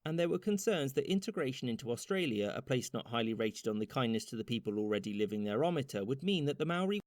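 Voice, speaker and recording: A man narrating a short animated history explainer with wry, brisk timing. His pitch swings widely through each sentence. The sound is close and dry, with no room around it. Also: no echo. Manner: wry, brisk, lively intonation. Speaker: documentary narrator. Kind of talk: scripted narration.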